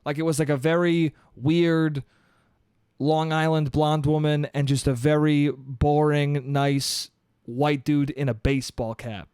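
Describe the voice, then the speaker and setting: A man hosting a podcast who delivers an animated, comedic storytelling monologue, swearing freely and calling the listener "dude". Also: a little high, unhurried, clear, resonant tone, no echo, studio quality. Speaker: podcast host.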